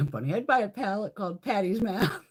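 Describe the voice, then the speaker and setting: A middle-aged woman hosting a casual live chat, telling stories in a profane, animated way and laughing often. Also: medium pitch, a little fast, husky. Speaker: livestream host.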